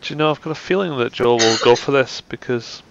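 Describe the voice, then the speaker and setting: A man's voice: medium pitch, brisk, vocal fry, crowd noise. A man co-commentating live snooker, mixing shot analysis with dry, joking asides. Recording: dull, slightly muffled sound.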